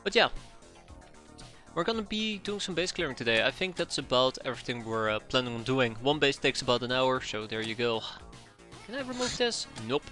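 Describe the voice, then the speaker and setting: Guy streaming a strategy game, bright voice, rambly and upbeat, lots of ums, soft music under him. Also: mid-range voice, big pitch swings, fairly quick. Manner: rambling, upbeat, many fillers and restarts. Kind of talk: casual let's-play commentary.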